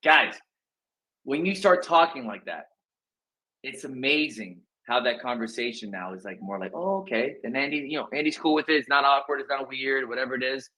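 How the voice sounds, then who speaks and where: A man's voice: moderate pace, rough recording. A man coaching real estate agents in a casual, slangy way, acting out phone script lines with big swings in his voice. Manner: energetic, slangy, acts out script lines with big pitch jumps.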